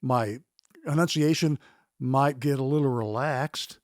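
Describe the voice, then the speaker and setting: A man's voice: mid-range voice, no room sound. Veteran male anchor, older, reflective interview answers, dry close mic. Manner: measured, reflective. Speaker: guest, longtime news anchor.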